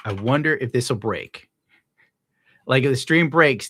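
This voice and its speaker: A man's voice: mid-range voice, animated, measured pace, sharp tone, slightly rough, dry recording, clean studio sound. A young man streaming live, reading out viewer tips and ranting casually with lots of swearing. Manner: profane, ranting, gets worked up. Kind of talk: casual livestream chat.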